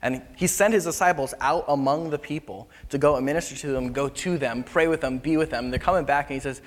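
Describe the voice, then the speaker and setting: A man preaching a storytelling sermon in a casual, conversational way, sometimes dropping to hushed tones, recorded in a large hall with a long reverb. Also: mid-range voice, brisk.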